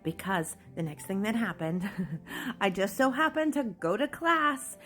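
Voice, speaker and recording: A woman's voice: medium pitch, sing-song, measured pace, fairly bright tone, faint music behind. A woman sharing a personal testimony, telling her own story in an earnest, emotional way.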